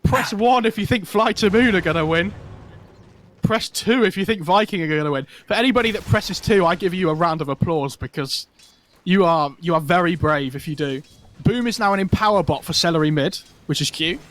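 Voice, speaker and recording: A man's voice: high-pitched, a little fast, fairly bright tone. A man casting an esports match live, chatting casually and rambling with lots of fillers. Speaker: esports caster. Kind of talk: casual live commentary chat.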